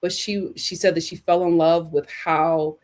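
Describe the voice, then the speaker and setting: A woman's voice: on the low side, fairly even intonation, measured pace, a little mellow. A woman hosting a livestream, reading viewer comments and giving sassy, emphatic opinions on relationships. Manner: sassy, emphatic, repeats punchlines. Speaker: host.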